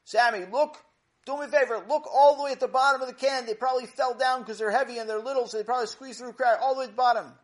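A man's voice: mid-range voice, sing-song, brisk, natural voice. A man voicing a patient, joking father who stammers a little and calls out.

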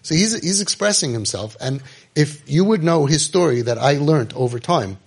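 A middle-aged man telling a story and giving advice, emphatic, repeating phrases and dropping to quiet intensity. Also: a little high, animated, moderate pace, creaky, breathy edge. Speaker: rabbi giving parenting advice. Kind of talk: impassioned storytelling talk.

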